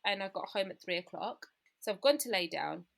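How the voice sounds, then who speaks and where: A woman's voice: mid-range voice, lively intonation, fairly quick, creaky. A British woman in her thirties, a podcast guest candidly recounting a personal story and often quoting what people said. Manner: candid, retells scenes by quoting people, frequent "like".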